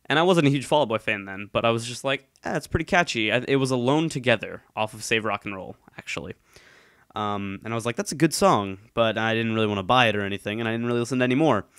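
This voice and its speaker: A man talks casually and at length, full of ums, restarts and asides, still a little stuffed up from a cold. His voice is smooth and clear, recorded close and dry with no room sound. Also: mid-range voice, quick pace, a bit bright, no room sound. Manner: rambling, many ums and restarts. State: slightly congested. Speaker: YouTube commentator. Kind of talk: casual solo chat. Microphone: headphones, desk mic.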